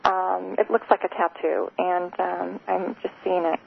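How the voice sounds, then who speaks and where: A woman hosting a live call-in radio show, giving psychic readings in a hesitant, soft, emotional way with many fillers. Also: on the low side, fairly even intonation, unhurried, vocal fry. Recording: tinny phone-like radio sound, faint noise.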